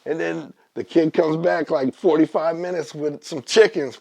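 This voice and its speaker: A man's voice: a little high, moderate pace, creaky, hardly any pauses, darkish tone. A man guest telling long jokes in a loose, rambling way, voicing the characters. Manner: loose, rambling joke delivery with voiced characters. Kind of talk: comic joke telling.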